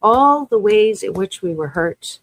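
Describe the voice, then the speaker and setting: A woman hosting a guided self-love exercise as a self-help author, speaking gentle, repetitive affirmations with chatty asides. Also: mid-range voice, animated, a little slow, dry recording, poor audio. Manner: gentle, repetitive affirmations, often trailing off softly; chatty asides with tag questions.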